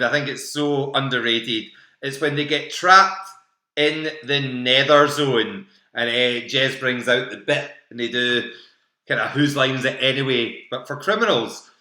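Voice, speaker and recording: A man's voice: medium pitch, sharp tone, echoey room. A British man hosting a live online quiz from home, chatty, laughing often and repeating each question. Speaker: quiz host. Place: home room. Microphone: home computer mic.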